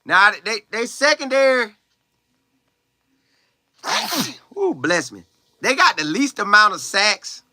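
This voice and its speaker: A man's voice: high voice, sing-song, takes it slowly, long pauses, sharp tone, no room sound, clean studio sound. A young man who plays college football, livestreaming and answering viewer comments in a loose, slangy, chatty way with frequent exclamations. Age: young adult. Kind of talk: casual live chat, reading viewer comments aloud.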